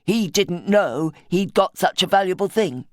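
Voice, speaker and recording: A woman's voice: fairly low pitch, expressive, measured pace, darkish tone, no echo, clean studio sound. A woman voicing a blunt eager young man. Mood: curious. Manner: direct, eager.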